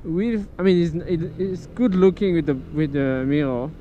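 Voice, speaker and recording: A Frenchman with a slightly high voice talks at a normal pace as a motovlogger, rambling casually while he rides through city traffic, correcting himself and swearing freely. His helmet-mounted action camera captures dull audio, with loud traffic and engine noise all around.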